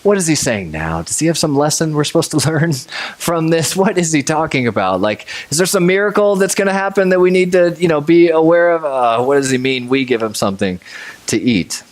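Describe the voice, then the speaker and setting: Man doing panicky disciples, stammering, fretful, low voice. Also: normal speed. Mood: fretting. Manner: flustered, stammering. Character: anxious male disciples fretting about food.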